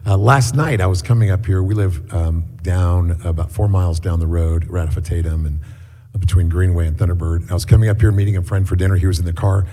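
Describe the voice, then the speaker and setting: Middle aged guy preaching, low husky voice, chatty with lots of ums, echoey church hall. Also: warm tone. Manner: conversational storytelling with many fillers. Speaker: guest preacher. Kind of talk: sermon.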